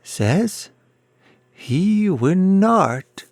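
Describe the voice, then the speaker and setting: A man's voice: sits high, sing-song, extremely slow, dry recording, voice pushed up, exaggerated voice. A man reading as a puzzled country innkeeper. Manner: plain rustic speech. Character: slow-witted male country innkeeper.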